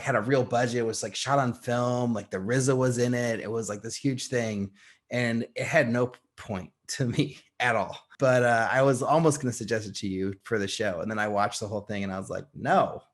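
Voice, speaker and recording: Rambling man, chatty podcast co-host. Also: medium pitch. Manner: rambling, many "like" and "you know" fillers, laughs often. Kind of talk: casual chat.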